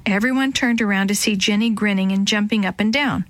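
A woman narrating a children's storybook, lifting her voice higher for the young characters' lines. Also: fairly quick, a bit bright, dry recording. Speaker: storybook reader.

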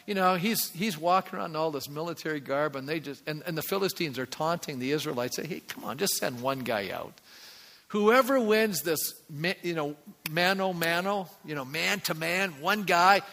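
A male pastor preaches in a high, bright voice, telling a story and acting out its characters. He builds to loud, emphatic peaks. The sound carries a long reverb, as in a church hall. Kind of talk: sermon.

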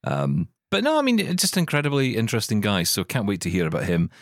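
A man's voice: lowish voice, wildly swooping pitch, fast talker, no echo, studio quality. A Scottish man co-hosting a podcast, chatting casually and reading listener emails aloud, stumbling over words and laughing. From Scotland. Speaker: podcast co-host. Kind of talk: casual chat.

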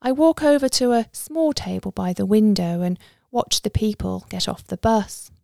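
Woman reading her story aloud, lots of vocal fry, dry close sound. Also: medium pitch, animated, moderate pace, a little mellow, no echo. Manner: conversational first-person telling. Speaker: narrator. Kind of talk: storytelling narration.

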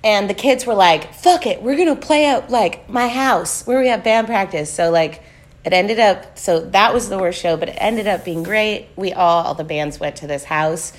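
A woman's voice: mid-range voice, normal speed. A young adult woman, a touring musician and podcast guest, tells a story with lots of swearing, acted-out quotes and laughter. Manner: swears a lot, acts out quotes, laughs often. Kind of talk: animated storytelling.

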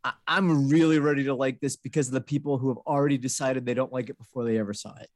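A man talking movies on a podcast in a medium-pitched voice, recorded dry and close. He speaks emphatically and bluntly. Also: steady tone, fast talker, no room sound. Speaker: podcast co-host. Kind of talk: casual chat about movies.

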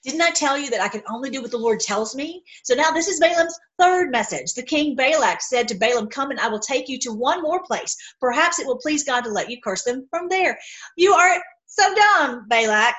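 Reading the Bible aloud, this online teacher speaks briskly and animatedly in a high-pitched, slightly bright voice, hardly pausing at all. She often stops to launch into fervent, rambling commentary, says "y'all," and the audio is poor.

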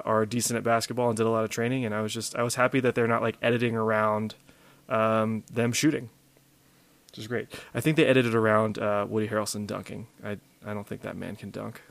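A man's voice: medium pitch, no room sound. Rambling man with a mild Louisiana accent. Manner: relaxed, rambling with many fillers. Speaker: podcast co-host. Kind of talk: casual chat.

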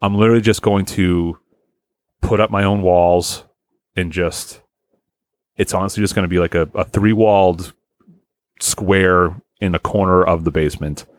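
A man's voice: low voice, steady tone, normal speed, pauses often, dry recording, clean studio sound. A man hosting a podcast in casual chat, rambling and swearing freely with lots of fillers. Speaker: podcast host.

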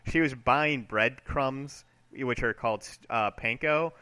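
Bright-voiced man chatting on a podcast. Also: medium pitch, clear, resonant tone. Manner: chatty, quick to laugh at his own jokes. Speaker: podcast co-host. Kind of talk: casual comic-book podcast chat.

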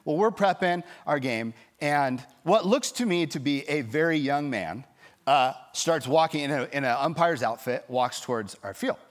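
A man pastor preaching a sermon, telling a story in a lively way and acting out the people in it. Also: fairly high pitch, normal speed. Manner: storytelling, animated, acts out quoted voices.

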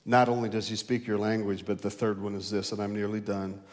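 A male pastor preaching a sermon, rising loud and high to stress a point, then dropping low and slow. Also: flat delivery. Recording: long hall reverb.

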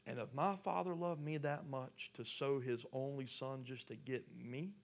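A man's voice: medium pitch, fairly even intonation, normal speed, vocal fry, few pauses. A man preaching a sermon, reading scripture aloud and then pressing his point with rising intensity. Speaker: pastor.

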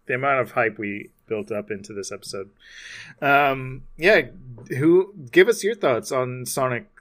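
A man co-hosting a podcast in loose, casual chat, chuckling often and filling pauses with ums. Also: mid-range voice, fairly bright tone. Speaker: podcast co-host.

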